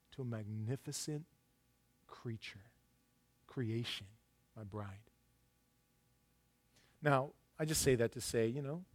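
A middle-aged man preaching a sermon, telling stories and swinging between loud emphasis and hushed asides. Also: medium pitch. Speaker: pastor.

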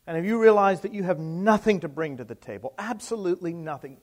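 Here a middle-aged man preaches forcefully, using rhetorical questions and alternating loud and quiet delivery. He has a high voice and moves at a quick pace.

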